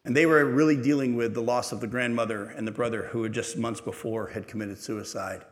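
Middle-aged pastor preaching, earnest storyteller, midrange voice, church echo all around. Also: male voice, medium pitch, steady tone, a little fast. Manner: storytelling, earnest, building to emphatic exhortation. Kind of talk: sermon. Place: church sanctuary. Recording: echoey church hall.

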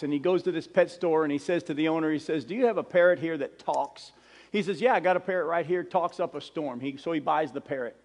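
A pastor with a somewhat high voice delivers a sermon, telling a joke with animated voices for each character. His words ring out with a long reverb through the church hall. He then shifts to an earnest, humble prayer.

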